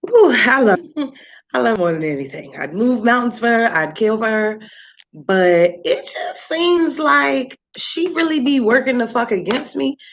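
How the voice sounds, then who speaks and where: A woman's voice: a little high, lively intonation, moderate pace, creaky, fairly bright tone. A woman in her thirties, a mother on a casual livestream, venting in a profane, rambling, exasperated way. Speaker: livestreaming parent. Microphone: phone or webcam, livestream.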